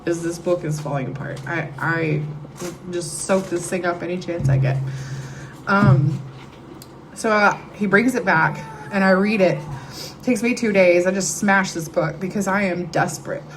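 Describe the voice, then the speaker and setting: A woman's voice: fairly low pitch, measured pace, noisy background. A middle-aged woman, speaking candidly and emotionally as she shares her testimony at a recovery meeting. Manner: candid, conversational, emotional storytelling. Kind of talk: personal testimony to a live audience. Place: meeting room with audience.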